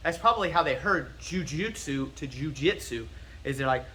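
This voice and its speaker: A slightly high, forceful American man teaching in a casual, explanatory way, repeating words over and over to drill them. He is nerdy and keen on the details, and faint room noise sits behind his voice. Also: animated, moderate pace. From United States. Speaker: martial arts instructor. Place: martial arts school.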